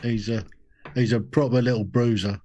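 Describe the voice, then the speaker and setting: Male podcast guest, mid-pitched voice, dry and brief. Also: steady tone, moderate pace, darkish tone. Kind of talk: casual interview chat.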